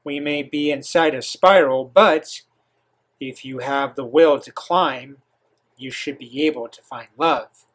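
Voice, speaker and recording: A man voicing a gentle, wise older mother in a calm, measured read. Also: medium pitch.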